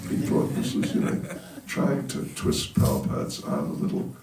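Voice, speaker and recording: Speaking at a slightly mellow, medium pitch that swoops wildly, this monk tells funny stories in a sermon and laughs at his own jokes. He talks at a normal speed with vocal fry and hardly pauses. The temple hall sounds roomy, and his voice comes from a distance.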